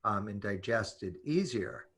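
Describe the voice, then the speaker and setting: A man's voice: lowish voice, lively intonation, slow pace, fairly bright tone. A man hosting an interview, asking long, curious, winding questions. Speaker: interviewer host. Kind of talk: conversational interview.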